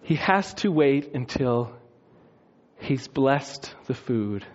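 A man preaching a sermon, telling a story with lively, animated delivery and acted-out voices. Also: mid-range voice, slow pace, dull audio. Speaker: pastor.

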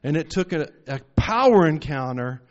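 A man's voice: on the high side, expressive, moderate pace. A man preaching a sermon, telling stories and rising into emphatic bursts. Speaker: pastor. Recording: muffled lo-fi recording.

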